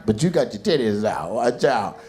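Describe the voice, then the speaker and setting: A man doing stand-up crowd work on a club stage, loud and mocking, swearing freely. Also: fairly low pitch, big pitch swings, normal speed. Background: laughing audience.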